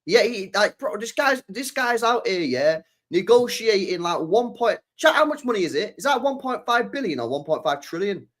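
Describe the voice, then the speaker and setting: This young podcast host rants casually in a high voice at a moderate pace, barely pausing. He's animated, swears a lot, and keeps firing off rhetorical questions.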